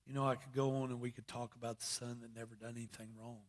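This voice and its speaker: A man's voice: medium pitch, little pitch movement, fast. A man preaching a sermon in a plainspoken, folksy storytelling manner. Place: church service.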